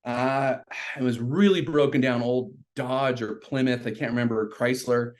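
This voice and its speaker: A middle-aged man telling a story in casual conversation, animated and jumping up into high voices when he quotes people. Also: moderate pace. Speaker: podcast guest.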